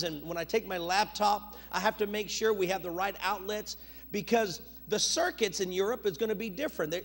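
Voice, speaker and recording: A middle-aged male pastor preaching a sermon, moving from loud urgent bursts to low, quiet asides.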